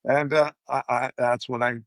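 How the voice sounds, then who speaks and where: An older man speaks at a medium pitch with a noticeably gravelly, creaky edge. He tells anecdotes in a casual podcast interview, acting out the people he quotes. The recording is close and dry. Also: flat delivery, normal speed, fairly bright tone, dry recording. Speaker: podcast guest, speaker and coach.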